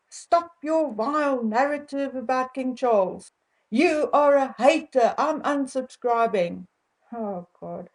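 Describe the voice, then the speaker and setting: A woman with a South African accent, talking straight to her viewers in a measured, indignant and wry monologue. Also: high voice. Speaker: royal-commentary vlogger.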